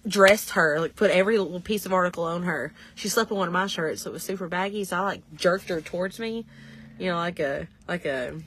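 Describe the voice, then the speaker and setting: A woman in her thirties with a Southern US accent, telling a lively story in casual podcast chat and laughing often. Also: on the low side, a little fast, slight background noise. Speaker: podcast co-host.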